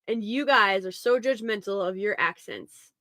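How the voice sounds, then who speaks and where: A woman's voice: medium pitch, moderate pace, pushed and bright, no echo, clean studio sound. An American woman hosting a casual commentary chat, blunt and sarcastic. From United States. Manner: blunt, sarcastic, laughs often. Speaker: host.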